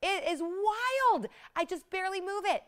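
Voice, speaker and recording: A woman hosting live jewelry sales, talking in fast, excited hard-sell patter. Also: extremely high pitch. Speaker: shopping channel host.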